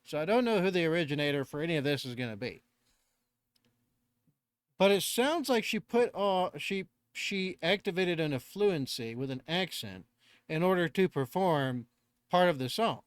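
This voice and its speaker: A man's voice: fairly high pitch, lively intonation, moderate pace, clear, resonant tone, no echo, clean studio sound. A man with a Southern American accent picked up over the years, hosting a reaction channel in a rambling, self-deprecating way and swearing casually. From Northern California.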